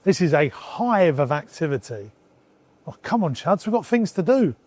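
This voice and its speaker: A man's voice: fairly high pitch, very animated, normal speed, a little mellow. A man, an entrepreneur chatting to viewers as he walks around his farm and warehouses, enthusiastic and casual. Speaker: entrepreneur vlogger. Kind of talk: walk-and-talk vlog.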